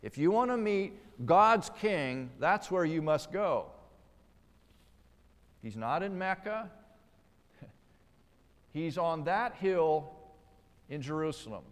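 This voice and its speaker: A man's voice: on the high side, sing-song, takes it slowly, pauses often. A man preaching a sermon, stressing key words and putting rhetorical questions to his listeners. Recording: long hall reverb.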